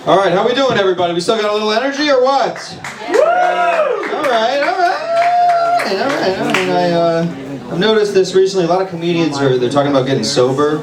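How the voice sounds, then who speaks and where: A man's voice: sits high, racing. A man doing open mic stand-up, nervous and self-deprecating, chatting with the audience. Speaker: stand-up comedian. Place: small bar venue with audience. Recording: echoey room with crowd, mic far off.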